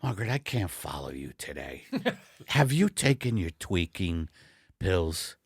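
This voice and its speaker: A man voicing Al, a bumbling, apologetic middle-aged husband, in a low mumbling voice in an improvised comedy sketch. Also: very animated, a little slow, no echo, clean studio sound, exaggerated voice. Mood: sheepish. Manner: low, gravelly, mumbling and sheepish. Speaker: comedy podcast co-host.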